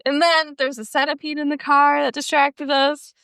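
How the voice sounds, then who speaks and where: A young adult woman chats casually on a podcast and reads online posts aloud. She quotes people in playful put-on voices. Her voice is high and bright, recorded dry and close. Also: little pitch movement, moderate pace, no room sound. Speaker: podcast co-host.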